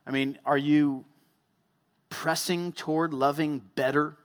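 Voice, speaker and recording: A male pastor giving a sermon in a measured way, asking a string of searching rhetorical questions before a closing prayer. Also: a little high, fairly even intonation.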